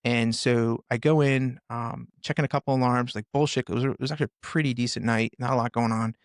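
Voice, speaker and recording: A man in his forties, a former first responder, candidly retelling hard experiences on a podcast with intense, animated delivery. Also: medium pitch, fast, dry recording, studio quality. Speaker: podcast guest, former police officer and firefighter. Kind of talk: candid personal storytelling.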